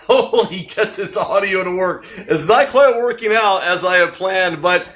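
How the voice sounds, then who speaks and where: A man's voice: high-pitched, measured pace, fairly bright tone. A man hosting a live-streamed interview show, asking long rambling questions with lots of energy. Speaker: host.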